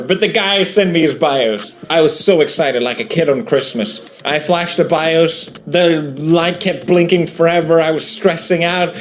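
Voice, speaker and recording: A man hosting a gameplay video, talking casually and animatedly, ranting with exasperation and laughing at himself. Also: on the high side. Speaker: gaming video host. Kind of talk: casual commentary over gameplay.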